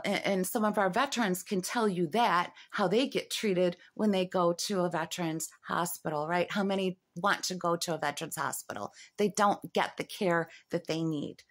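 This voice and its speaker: A woman in her fifties talking to camera in a rambling monologue, halting with fillers and restarts and rising into agitated, urgent questions. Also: lowish voice. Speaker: vlogger.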